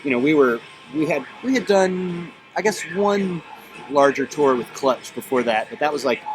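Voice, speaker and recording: A man being interviewed as a band member, talking in a relaxed, casual way with many ums and uhs. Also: on the high side, moderate pace, poor audio. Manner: relaxed, filler-heavy, thinking aloud. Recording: loud music in the background.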